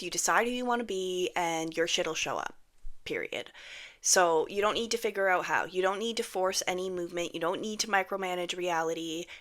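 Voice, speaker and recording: A woman with a somewhat low voice talks straight to camera with blunt, sassy confidence. She swears casually and now and then drops to a soft whisper to make a point. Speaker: manifestation coach. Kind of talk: casual talking-head advice.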